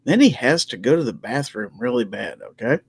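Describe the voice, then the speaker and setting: A man of middle pitch tells a rambling joke in folksy, homespun fashion, checking in with his listeners as he goes. His voice is recorded close and dry. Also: lively intonation, a little fast, husky, no echo. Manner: folksy storyteller, peppering lines with "okay?". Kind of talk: casual joke-telling chat.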